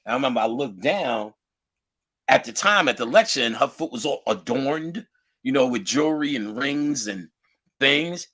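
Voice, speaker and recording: Husky-voiced man telling a loose, profane story. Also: medium pitch, expressive, moderate pace, fairly bright tone. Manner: profane, loose street slang, acts out quoted voices. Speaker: lecturer. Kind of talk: casual anecdotal storytelling.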